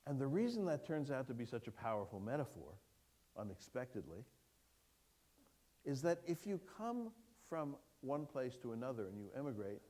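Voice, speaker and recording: Guy doing a keynote in a lecture hall, engaging, asks the crowd stuff, mid pitch. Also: normal speed. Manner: lively, engaging, asks audience questions. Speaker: keynote speaker. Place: lecture hall before an audience.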